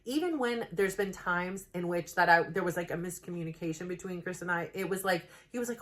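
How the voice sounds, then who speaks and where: A woman's voice: on the low side, fairly quick, hardly any pauses, a bit bright. A woman and mother talking to camera in a rambling, earnest self-help vlog, heartfelt and full of filler words. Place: home, new plain backdrop.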